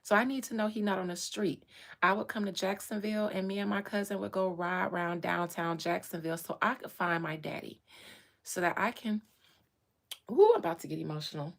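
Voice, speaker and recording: A woman's voice: mid-range voice, fairly even intonation, a little fast, vocal fry, a bit bright. Impassioned woman telling a personal story. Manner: impassioned, repeats phrases for emphasis.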